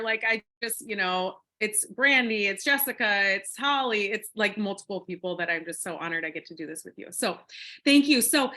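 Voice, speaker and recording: A woman's voice: mid-range voice, lively intonation, normal speed, bright, forceful tone. A woman in her forties from Minnesota with a Minnesotan accent, telling her story in a bubbly, chatty way with many fillers and giggles. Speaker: guest speaker. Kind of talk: casual storytelling on a team call.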